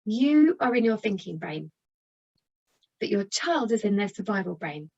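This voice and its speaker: A British woman talks parents through her advice in a chatty, encouraging way, speaking directly to her viewers. Her voice sits at an everyday middle pitch. The recording is slightly dull and lo-fi. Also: very animated, unhurried, vocal fry, mellow. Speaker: parenting coach. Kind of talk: direct-to-camera parenting talk.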